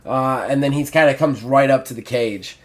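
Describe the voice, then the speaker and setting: A man running a tabletop game, narrating in a casual, rambling way. He fills pauses with ums and uhs as he works out the scene. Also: medium pitch. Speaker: game master.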